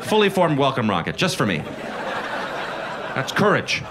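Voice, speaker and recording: A man's voice: medium pitch, wildly swooping pitch, moderate pace, long pauses. A man doing a stand-up comedy set on a club stage, conversational and wry. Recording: live comedy club crowd noise.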